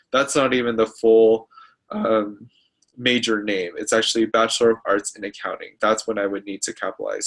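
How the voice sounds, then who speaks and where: A young man presents a grammar lesson over his slides. His voice sits a little low, and he talks haltingly, with frequent fillers and self-corrections. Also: fairly bright tone. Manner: halting, many fillers and restarts. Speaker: student presenter.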